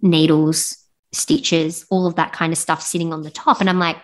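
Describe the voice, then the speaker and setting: A woman's voice: low voice, normal speed. Frank young woman telling a story. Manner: animated, frank storytelling with swearing and laughs. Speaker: podcast guest. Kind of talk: casual storytelling interview.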